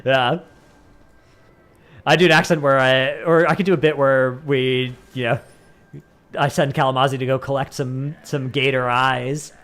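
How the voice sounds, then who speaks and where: A man's voice: mid-range voice, fairly even intonation, normal speed, pauses often, a bit bright. A man with a Northern Californian accent, a livestreamer chatting casually with his viewers, rambling and dropping "like" into many sentences. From San Francisco Bay Area. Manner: rambling, says "like" a lot.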